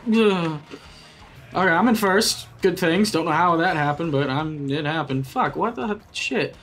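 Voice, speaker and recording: A young man giving excitable, profane live commentary while racing in a kart game, often yelling at it. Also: a little high, a little slow, soft background music. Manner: excitable, swears a lot, yells at the game. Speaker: gaming YouTuber.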